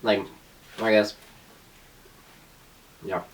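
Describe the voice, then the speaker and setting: A young woman co-hosting a casual podcast chat, sarcastic and animated, laughing often and acting out the people in her stories. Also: rumbling low, very slow, distant mic, a little hiss or hum. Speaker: podcast co-host.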